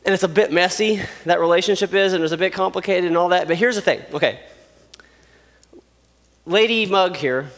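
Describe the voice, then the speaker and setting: High, animated man preaching to youth. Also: big-room sound. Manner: animated, playful, acts out scenes. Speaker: youth pastor. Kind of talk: youth sermon.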